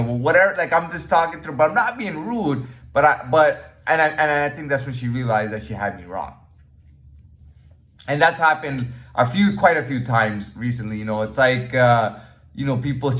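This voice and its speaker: A man talks to camera in a loose, rambling monologue at an ordinary middle pitch. He keeps restarting his sentences and checking in with "you know what I mean", and now and then he sinks into a quiet mutter. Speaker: vlogger.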